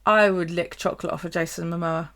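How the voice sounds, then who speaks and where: A woman's voice: fairly low pitch, fairly even intonation, fast talker, fairly bright tone. A woman telling a story on a casual live stream, swearing freely and laughing as she goes. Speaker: bullet journal live streamer.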